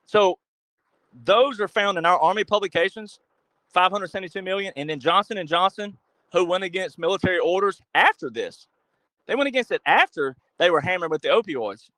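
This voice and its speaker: Emphatic man, higher voice, dry sound. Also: expressive, fairly quick, pushed and bright, dry recording, low-quality recording. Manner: emphatic, rhetorical questions; acts out quoted voices. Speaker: podcast guest. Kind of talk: animated monologue.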